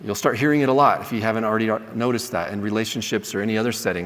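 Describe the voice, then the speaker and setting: A man's voice: fairly low pitch, very fast, fairly bright tone. A man teaching a class in a conversational way, often checking in with "right?" as he explains a point. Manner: conversational, checks in with "right?", acts out sample apologies. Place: lecture hall. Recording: long hall reverb.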